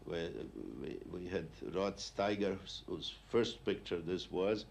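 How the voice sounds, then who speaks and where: A man with a very deep voice speaks in a slow, formal way, weighing his phrases. A faint ambient hiss sits behind him. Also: fairly even intonation. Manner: measured, formal, deliberate. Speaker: film producer interviewee. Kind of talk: archive interview.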